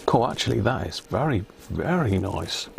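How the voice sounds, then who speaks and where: A man's voice: lowish voice, sing-song, normal speed, vocal fry, very noisy. A British man hosting a casual live stream, chatty and jokey, often reading labels aloud as he goes. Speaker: radio repair live-stream host.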